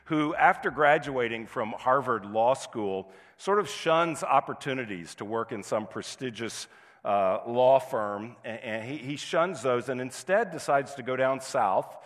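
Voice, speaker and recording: A man's voice: medium pitch, animated, a little slow, fairly bright tone. A male pastor preaching a sermon in a conversational way, now and then acting out indignant voices. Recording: long hall reverb.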